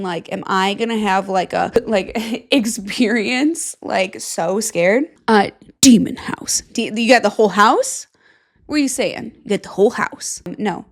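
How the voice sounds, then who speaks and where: A young woman hosting a podcast, chatting casually in a rambling, filler-heavy way with offhand swearing. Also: on the high side. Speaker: podcast host. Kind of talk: casual solo chat.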